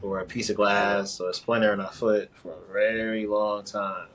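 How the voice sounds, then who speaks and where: Rambling man with a low voice. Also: flat delivery, fairly bright tone, a little hiss or hum. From New York. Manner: rambling, halting, quick laughs. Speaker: guest. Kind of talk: casual conversation.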